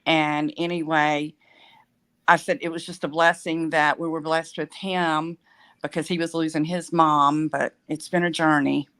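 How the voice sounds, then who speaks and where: A woman caller on a video call, speaking quietly and plainly. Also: low voice, level tone, measured pace. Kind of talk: casual chat.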